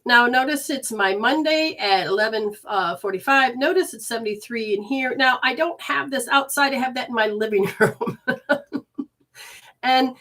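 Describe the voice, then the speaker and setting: A woman's voice: fairly high pitch, moderate pace. A woman from Michigan hosting a livestream from her living room, giving an informal spiritual teaching and reading viewer comments aloud. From Michigan, USA. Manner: expressive, reads viewer comments aloud warmly.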